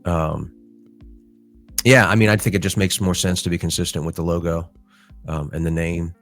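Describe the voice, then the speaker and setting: Rambling middle-aged man, low voice. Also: fairly even intonation, normal speed, dry recording, faint music behind. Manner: rambling storyteller with many fillers. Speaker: podcast co-host. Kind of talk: casual podcast conversation.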